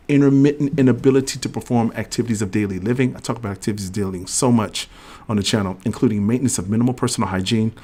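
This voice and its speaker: Brief: middle-aged male livestream host, mid-pitched, casual and talkative, reads rules aloud. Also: darkish tone. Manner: casual and talkative, reads legal text aloud, jokes with the chat. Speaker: host of a veterans' benefits livestream. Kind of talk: livestream explainer reading regulations and chatting with viewers.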